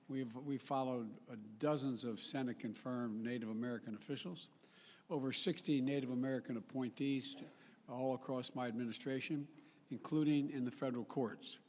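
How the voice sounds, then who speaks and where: Older man giving a rambling speech. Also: mid-range voice. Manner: rambling, self-correcting, folksy asides. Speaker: head of state giving a speech. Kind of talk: formal public speech with ad-libs. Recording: live speech with long hall reverb.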